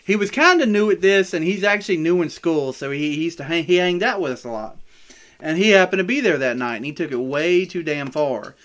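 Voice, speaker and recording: Bright-voiced man, rambling podcast storyteller, stumbles and swears, casual. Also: a little high, lively intonation, fairly quick. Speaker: podcast co-host. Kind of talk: casual chat.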